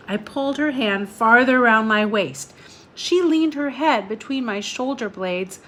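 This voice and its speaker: A woman reading a children's novel aloud, steady and calm, dropping softer at times. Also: on the high side, a little hiss or hum.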